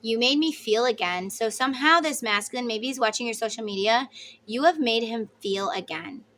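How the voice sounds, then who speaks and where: A woman reads tarot cards in a chatty, emphatic way, turning to spirit and her viewers as she goes. Her voice sits a little high and sounds bright and forceful. She is blunt at times and swears casually. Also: normal speed, slight background noise. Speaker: tarot reader. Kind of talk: casual tarot reading to camera.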